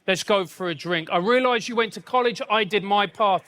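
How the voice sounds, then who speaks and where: A comedian putting on an earnest English army veteran who speaks from the heart, a bit lower than his own bright voice. The tone is sincere and plain. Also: fairly quick, smooth, big-room sound. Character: warm-hearted male army veteran friend.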